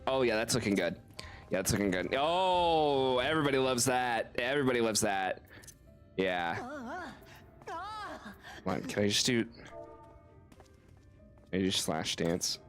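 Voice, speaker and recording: A man's voice: medium pitch, expressive, measured pace, long pauses, soft background music. A man streaming a video game, chatting casually and playfully, laughing often and swearing freely. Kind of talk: casual gameplay commentary.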